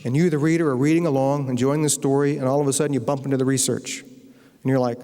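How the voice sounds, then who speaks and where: A man from Virginia tells funny anecdotes to a university audience in a wry, conversational way. His pitch sits in a mid range. The sound carries the long echo of a big lecture hall. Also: steady tone, fast, mellow. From Virginia, USA. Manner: wry storyteller, acts out quoted voices. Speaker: novelist giving a guest lecture.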